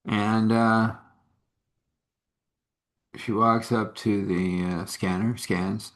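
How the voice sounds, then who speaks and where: A man's voice: lowish voice, steady tone, extremely slow, pauses often. A man telling a faith-based everyday story in a rambling, homespun way with many fillers. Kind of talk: informal spoken storytelling. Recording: echoey room.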